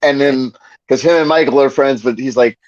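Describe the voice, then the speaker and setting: A man's voice: mid-range voice, normal speed, no echo, muffled recording. A man co-hosting a podcast, rambling through a story in casual chat and laughing often. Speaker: podcast co-host.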